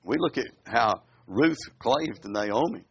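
A man preaching a sermon. He reads scripture aloud slowly, breaks into folksy asides, and keeps asking his listeners questions. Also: medium pitch, vocal fry, lo-fi sound. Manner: animated, asks the listeners questions.

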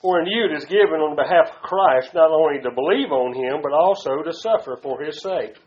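A man preaching a sermon to a congregation, swinging from loud to hushed and calling out to the room. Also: on the high side, animated, a little fast, reverberant, highs cut off. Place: church before a congregation.

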